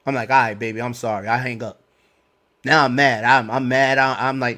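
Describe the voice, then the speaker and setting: A middle-aged man on a podcast, telling a personal story in casual, slangy talk, animated and laughing along. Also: mid-range voice, fast. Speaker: podcast co-host.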